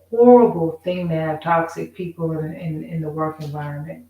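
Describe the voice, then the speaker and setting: In a casual, rambling monologue, a woman vlogger vents emphatically, repeating herself and saying "you know what I'm saying" again and again. Her low, mellow voice sounds roomy and far from the mic, and the audio is poor.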